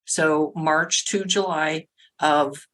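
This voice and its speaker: A middle-aged woman, a sobriety coach, telling her story as a podcast guest in a lively way, acting out the voices of others and filling her talk with "like". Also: low-pitched, extremely slow, rough recording. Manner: animated, acts out quotes, many "like" fillers. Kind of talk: casual storytelling interview.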